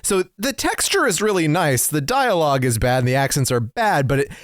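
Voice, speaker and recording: A man's voice: on the high side, animated, a little fast, no room sound, clean studio sound. A man co-hosting a podcast, chatting casually and recapping a story with frequent laughs. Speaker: podcast co-host.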